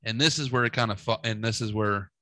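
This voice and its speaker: A young adult man co-hosting a podcast, telling a long story in a rambling, profane way and acting out the dialogue with lively voices. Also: fairly low pitch, quick pace. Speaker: podcast co-host.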